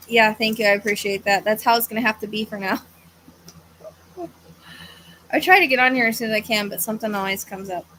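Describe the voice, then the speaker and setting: A woman's voice: fairly high pitch, moderate pace, pauses often, fairly bright tone, a little hiss or hum, poor audio. Tired, rambling woman on a livestream. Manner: rambling, hesitant, lots of fillers. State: tired, yawning. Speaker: psychic medium livestream host. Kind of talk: casual livestream chat. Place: at home with a fan running.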